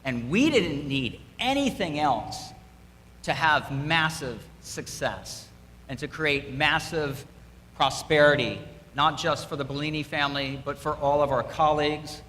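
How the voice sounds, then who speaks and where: A man's voice: fairly high pitch, measured pace, pushed and bright. A middle-aged man giving an upbeat, emphatic motivational speech to students at a school, repeating his key words. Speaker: donor addressing students. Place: school hall, audience present. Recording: echoey hall, faint room noise.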